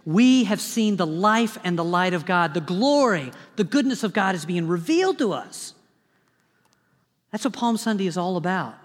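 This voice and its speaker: A man, a pastor, preaching a sermon in an animated, dramatic style with humorous asides, recorded in a church sanctuary. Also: high-pitched, normal speed, big-room sound.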